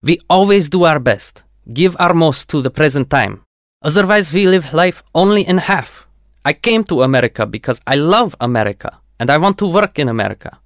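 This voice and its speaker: A man's voice: on the high side, animated, moderate pace, no echo, clean studio sound, voice pushed up. A man voicing an earnest Russian émigré structural engineer with a thick Russian accent and an emotional, fervent delivery.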